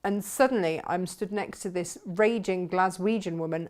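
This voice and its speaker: A woman's voice: fairly low pitch, moderate pace, a little mellow. A middle-aged woman hosts a casual live stream for a fabric shop. She chats freely, greets viewers by name and reads out their comments, laughing often.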